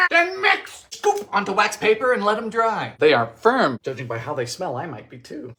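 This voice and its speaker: A man narrates a comedic vintage recipe show. His voice is bright and sharp, with a pitch that leaps around constantly. He swings between shouted exclamations and deadpan muttered jokes. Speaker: cooking show host.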